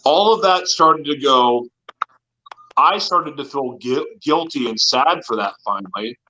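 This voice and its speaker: A man's voice: medium pitch, animated, measured pace, sharp tone, muffled recording, slight background noise. A man in an interview, telling his personal story in an earnest, confessional way. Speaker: guest.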